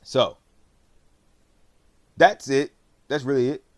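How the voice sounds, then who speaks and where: Speaking slowly in a steady, mid-range voice, this drama reviewer loosely recaps a TV show. His slangy, wandering retelling includes performing what the characters say.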